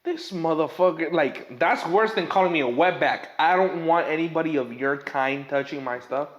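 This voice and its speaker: A man hosting a casual podcast chat, telling animated stories and acting out quotes. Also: on the high side, moderate pace, reverberant. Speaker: podcast host.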